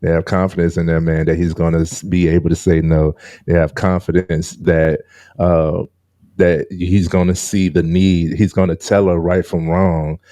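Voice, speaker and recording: Laid-back male co-host, low and mellow, even delivery, dry close mic. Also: moderate pace, dry recording. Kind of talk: casual podcast discussion.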